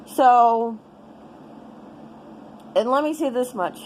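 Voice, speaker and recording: A young woman with a fairly high voice vents in a casual personal update, rambling and cursing as she goes. A faint hum of room noise sits under her speech. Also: extremely slow, darkish tone, rough recording. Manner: rambling, frustrated, swears freely. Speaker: vlogger.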